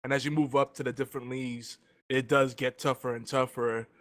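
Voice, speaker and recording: A man talking casually as a guest on a round-table gaming show while eating, his talk rambling and relaxed. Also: mid-range voice, fairly quick. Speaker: guest panelist.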